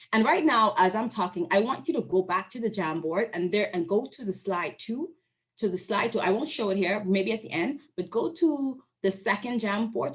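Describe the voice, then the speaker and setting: This is a woman scholar walking an audience through her study. Her pitch rises and falls expressively around a middle register. She keeps the talk informal, drawing her listeners in with questions and quick check-ins. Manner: lively and conversational, asks the audience questions and often checks in with "right?"; acts out her interviewees' voices when quoting them. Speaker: university researcher presenting findings. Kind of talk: academic presentation to an online audience.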